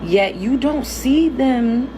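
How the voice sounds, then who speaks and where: A woman's voice: fairly high pitch, animated, takes it slowly, noisy background. A woman co-hosting a commentary show, talking in an indignant, pointed way. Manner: indignant, reads comments aloud. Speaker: co-host. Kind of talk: casual commentary.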